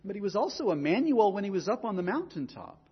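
A man's voice: high voice, big pitch swings, fast, husky, long reverb tail, highs cut off. A man preaching a sermon in an earnest way, often repeating words as he goes. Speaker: pastor.

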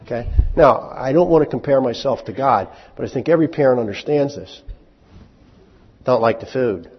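A man's voice: mid-range voice, slightly rough, big-room sound. A male pastor preaching a sermon in a conversational way, asking his congregation questions and acting out bits of dialogue. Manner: acts out short dialogue in quick voices. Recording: muffled lo-fi recording.

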